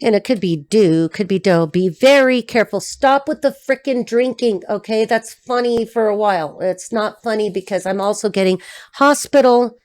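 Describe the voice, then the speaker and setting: A woman giving a tarot reading, talking in a blunt, rapid, repetitive stream of consciousness. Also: medium pitch, a little mellow, dry recording. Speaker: tarot reader.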